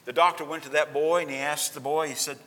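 A man preaching a sermon as a pastor, telling a story that swings from loud to hushed. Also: on the high side, steady tone, fast talker. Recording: long hall reverb.

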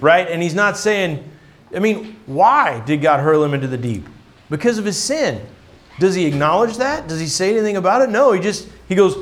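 A man's voice: sits high, lively intonation, moderate pace. A man preaching a conversational sermon, often checking in with "right?" in a casual, chatty way. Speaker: pastor.

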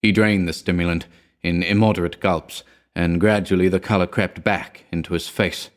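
Grave, low-voiced male storyteller. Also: fairly even intonation, normal speed. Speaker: reader. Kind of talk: dramatic story narration.

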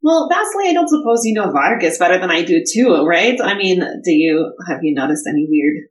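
A woman's voice: on the low side, sing-song, fairly quick, reverberant, low-quality recording. A woman playing a tabletop role-playing game in character, talking hesitantly with many fillers and restarts. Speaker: player.

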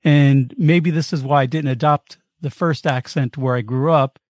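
A man's voice: medium pitch, fairly even intonation, moderate pace, darkish tone, no echo, clean studio sound. A man from the East Coast of the United States hosting a podcast, chatty and self-deprecating as he tells stories. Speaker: podcast host. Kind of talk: conversational interview.

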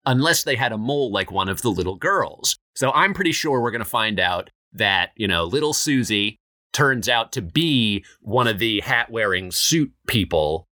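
A man co-hosting a comedic film review podcast, rambling deadpan and repeating himself. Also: fairly low pitch, normal speed.

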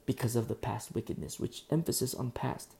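A man's voice: mid-range voice, fairly even intonation, a little fast, gravelly, warm tone. A man preaching a sermon as pastor, emphatic and repetitive, often restarting his sentences.

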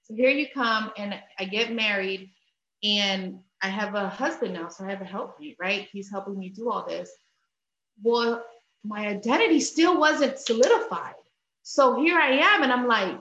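A woman's voice: medium pitch, moderate pace, echoey room, dull audio. A woman in her thirties, an interview guest, telling her story openly about faith and family and acting out her own past words. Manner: animated storytelling, acts out her own past lines in a rising voice. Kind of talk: candid faith-based conversation.

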